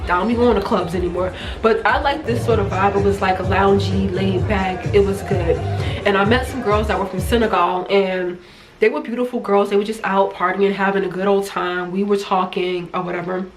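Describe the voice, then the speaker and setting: A middle-aged American woman from New Jersey talks casually to her camera. She is chatty and animated and keeps slipping into the voices of people from her stories. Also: mid-range voice, moderate pace, over music. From United States, New Jersey. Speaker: travel vlogger.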